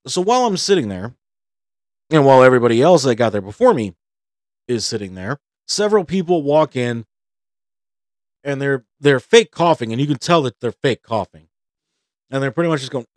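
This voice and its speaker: Male host, slightly high voice, dry close sound; casual, profane storyteller who acts out dialogue. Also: very animated, moderate pace, no echo. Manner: profane, heated, acts out both sides of conversations. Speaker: podcast host.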